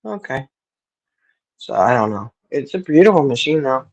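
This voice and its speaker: A woman's voice: a bass voice, big pitch swings, normal speed, darkish tone, highs cut off. A middle-aged woman hosting a livestream, chatting casually and laughing often as she answers viewers. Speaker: livestream host. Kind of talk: casual chat. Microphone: streaming setup.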